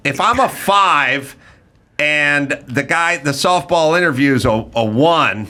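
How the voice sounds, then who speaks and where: A man's voice: a little high, lively intonation, pushed and bright. A man hosting a podcast, riffing bluntly and profanely in a casual comedic rant. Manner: blunt, profane, riffing with quick mock impressions. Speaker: podcast host.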